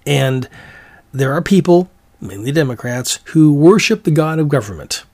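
A man's voice: a little high, lively intonation, moderate pace, darkish tone, dry recording. A man hosting his own commentary show, talking through his opinions in a loose, rambling way with many restarts. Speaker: commentary podcast host.

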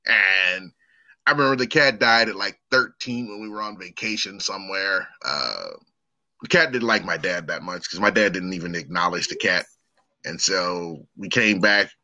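A man with a bright, forceful voice chats casually on a podcast and tells a story. He acts out the people he quotes as he goes. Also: low voice, normal speed, dull audio. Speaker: podcast co-host. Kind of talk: casual chat.

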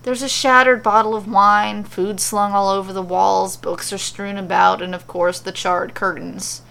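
A woman reading a fantasy story aloud as a podcast storyteller, with steady descriptive narration. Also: mid-range voice, a little slow, creaky.

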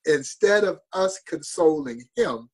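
A man's voice: fairly high pitch, expressive, measured pace, breathy edge, low-quality recording. A man telling a story with passion and drama as a guest on a talk show. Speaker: baseball museum guest. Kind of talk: storytelling interview.

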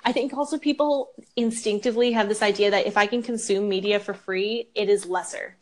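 A woman's voice: medium pitch, fairly even intonation, a little fast. A young woman co-hosting a podcast in casual chat, candid and ranting, swearing freely. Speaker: podcast co-host.

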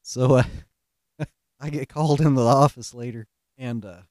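A man's voice: mid-range voice, fairly even intonation, moderate pace, a little mellow, no room sound, clean studio sound. A middle-aged man, telling stories in a folksy, self-mocking way and laughing at his own pranks. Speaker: podcast host. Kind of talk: casual storytelling monologue.

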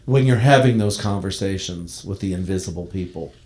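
A man preaching a sermon, reading a devotional text aloud and then speaking gently to his congregation. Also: deep voice. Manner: reads a devotional poem aloud, then preaches in a soft, slowing voice. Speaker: minister.

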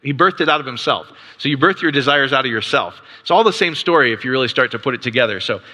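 A man with a bright, forceful voice gives a loose, conversational Bible lesson to a group in front of him. He keeps tossing in a quick "right?" and trips into restarts as he works through his points. His voice carries a long reverb, as if the mic picks him up in a large hall. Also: mid-range voice, expressive. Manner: casual, peppers points with rhetorical "right?"; frequent restarts and stammered repeats. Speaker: Bible teacher. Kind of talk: conversational Bible teaching with slides.

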